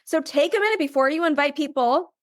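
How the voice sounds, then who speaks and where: Casting note: high-pitched, bubbly woman coach, dry close voice, conversational and upbeat. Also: brisk, no room sound. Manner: chatty, upbeat, says "right?" constantly; acts out invitees in bubbly voices. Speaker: business coach. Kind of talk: recorded coaching training.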